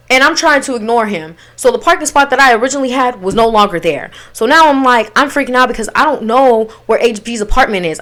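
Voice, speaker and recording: A young woman with a fairly high voice spills a storytime vlog in loose, slangy talk. She is animated and keeps turning to her viewers as if they were friends on the couch. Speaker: vlogger telling a storytime.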